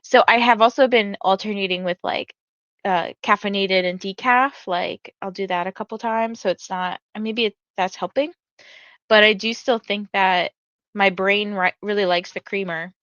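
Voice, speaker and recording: A woman in her thirties talks loosely and rambles as she hosts a livestream, reading viewer comments aloud. Her voice sits at a middle pitch. The sound is close and dry, with a slightly muffled, lo-fi edge. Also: fairly even intonation, normal speed, a bit bright, no echo. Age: 30s. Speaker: livestream host. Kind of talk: casual livestream chat.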